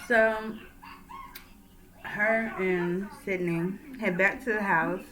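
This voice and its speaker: A woman's voice: medium pitch, fairly even intonation, drawn-out words, fairly bright tone, poor audio. A woman casually retelling a true crime story in a chatty, conversational way, with fillers. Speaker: storyteller, channel host.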